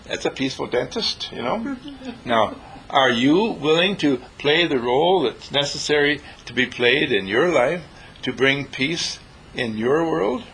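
A man's voice: mid-range voice, a bit bright, poor audio. Guy preaching peace to a small group, bouncy singsong voice, faint hiss in the room. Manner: playful, preachy, acts out voices of others. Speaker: spiritual teacher. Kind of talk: inspirational talk to a small group.

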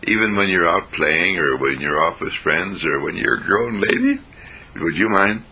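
A man voicing an affectionate grandmother who speaks gently and tenderly. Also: low voice, very animated, moderate pace, gravelly, husky, exaggerated voice. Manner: gentle, tender, warm-hearted.

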